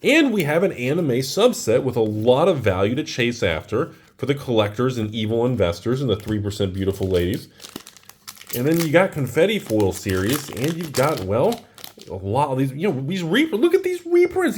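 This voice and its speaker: An American man who owns a card shop, chatting casually in a vlog while opening packs. He rambles in an excitable way, filling his talk with "like" and "dude.". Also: mid-range voice, normal speed, husky. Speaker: card shop owner and investing vlogger.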